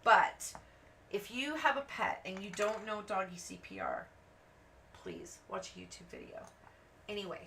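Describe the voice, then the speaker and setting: A woman hosting a craft channel, chatting and telling rambling stories while she colors, acting out the voices of the people in them. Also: mid-range voice. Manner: rambling, animated anecdotes with acted-out quotes. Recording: voice a bit distant from the mic, faint background noise.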